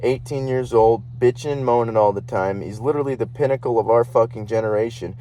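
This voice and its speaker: A man's voice: medium pitch, a little fast, warm tone, a little hiss or hum. A young man hosting a podcast, talking in a heated, rambling, profane monologue from his vehicle. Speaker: podcast host. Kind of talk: casual ranting monologue.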